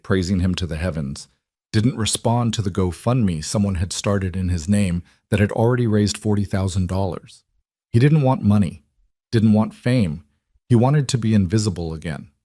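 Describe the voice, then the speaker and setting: A man reading a dramatic story as a narrator, in a steady, even storytelling manner. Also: fairly low pitch, dry recording, clean studio sound.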